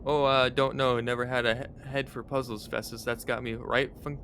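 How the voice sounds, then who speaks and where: A man's voice: medium pitch, flat delivery, moderate pace, a bit bright, slight background noise, lightly acted. A man voicing a folksy old-West cowboy who drawls in slang.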